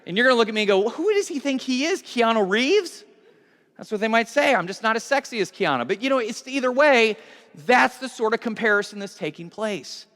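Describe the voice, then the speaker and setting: Middle-aged male pastor, high-pitched, casual and animated sermon, reverberant hall. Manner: conversational, animated, with repeated restarts.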